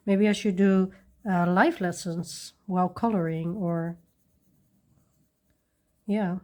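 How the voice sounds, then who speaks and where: Woman, low voice, slow, mellow tone, casual rambling chat while coloring. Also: steady tone. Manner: soft-spoken, rambling, with little laughs. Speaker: coloring channel host.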